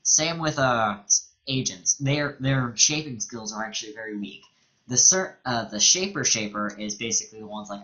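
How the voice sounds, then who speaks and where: Young man, let's play host, bright clear tone, casual joking commentary, dull lo-fi recording. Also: mid-range voice, animated, moderate pace. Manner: casual, joking, reads in-game text aloud. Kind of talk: reading game dialogue aloud with commentary.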